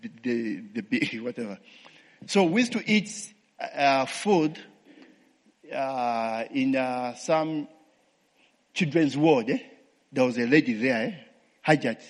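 A man's voice: fairly high pitch, slightly rough, in a large hall. A man with a Ugandan accent gives a testimony sermon, tossing in call-and-response tags like "eh?" and "what?" and laughing to himself. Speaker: preacher.

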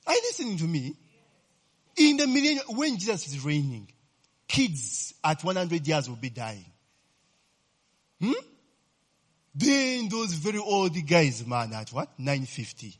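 Animated preacher quizzing his listeners. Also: fairly high pitch, a little slow, long pauses, slightly rough. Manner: lively, keeps checking the listeners with "eh?" and quizzing them. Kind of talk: sermon.

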